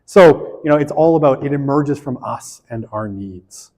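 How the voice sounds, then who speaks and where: A man's voice: medium pitch, lively intonation, moderate pace, a little mellow, in a large hall, poor audio. A man giving a casual university sociology lecture, chatty and self-deprecating, often checking in with "right?". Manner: chatty, frequent "right?" tag questions, self-deprecating asides.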